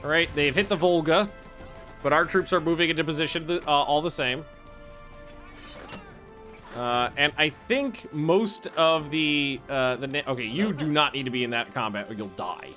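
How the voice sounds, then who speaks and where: A man casually commenting on his own strategy game play, excitable, swearing freely and thinking aloud with restarts. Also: on the high side, normal speed, faint music behind. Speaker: gaming video host.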